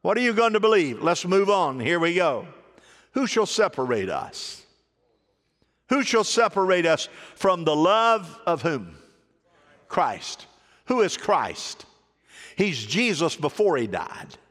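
Male pastor, high voice, call-and-response sermon, long church reverb. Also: big pitch swings, takes it slowly, long pauses, fairly bright tone. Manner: call-and-response preaching, rising exhortation. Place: church sanctuary.

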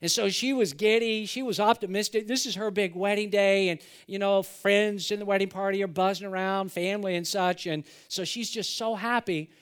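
A man's voice: high voice, steady tone, normal speed, few pauses, clean tone. A man preaching a sermon as a pastor, telling stories in a folksy way and acting out the quotes. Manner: folksy storytelling, acts out quotes.

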